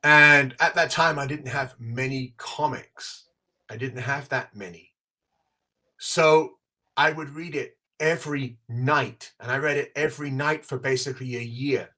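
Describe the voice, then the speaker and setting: Bright-voiced man telling a story. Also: medium pitch, a little slow. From England. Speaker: podcast co-host. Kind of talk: casual storytelling chat.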